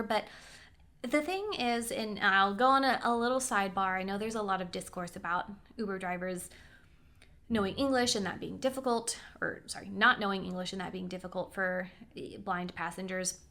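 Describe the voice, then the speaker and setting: Young woman vlogger, bright voice, chatty storyteller who acts out her own reactions. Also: mid-range voice. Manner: chatty, animated storytelling with quoted voices and asides. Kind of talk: casual storytelling.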